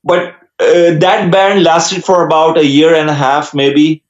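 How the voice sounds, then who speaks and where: A man with a Pakistani accent and Urdu as his first language talks through his answers in an earnest, halting way with plenty of fillers. His voice sits a touch high, and it sounds roomy and a little dull, like a lo-fi recording. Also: flat delivery. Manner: earnest, hesitant with frequent uh fillers. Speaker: musician guest. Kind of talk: casual interview answers.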